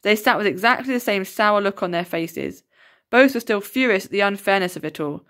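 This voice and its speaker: A woman reading a children's novel aloud in a steady, expressive way. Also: mid-range voice, brisk. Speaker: storybook reader.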